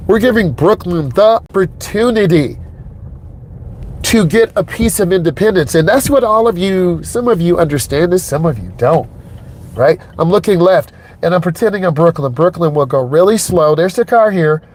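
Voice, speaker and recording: A man's voice: sits high, expressive, moderate pace, a little mellow, a little hiss or hum. A middle-aged man, a driving instructor, narrating a lesson from behind the wheel in a car. He talks straight to the viewers, emphatic and repeating himself. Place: inside a car on city streets.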